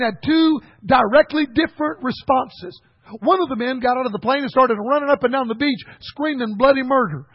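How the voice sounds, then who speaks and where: A man preaching a folksy sermon that rises to shouted emphasis. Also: extremely high pitch, husky, dry recording, highs cut off.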